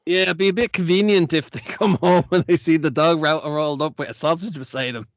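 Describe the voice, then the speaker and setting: Man, tabletop player, joking, higher pitch, dry recording. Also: steady tone, a little fast, no echo. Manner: jokey, rambling with fillers. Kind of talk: casual tabletop chat.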